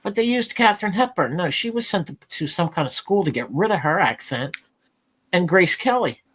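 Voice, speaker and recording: A woman's voice: fairly low pitch, animated, moderate pace. Blunt, chatty New Jersey woman. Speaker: panel host. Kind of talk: casual chat on a live panel.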